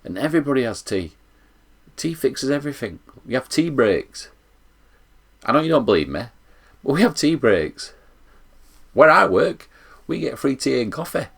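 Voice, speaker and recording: A man's voice: medium pitch, moderate pace, gravelly, long pauses. Man, South Yorkshire accent, casual vlog chat, rambling, swoops up and down. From England. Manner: chatty, animated, rambling. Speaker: vlogger.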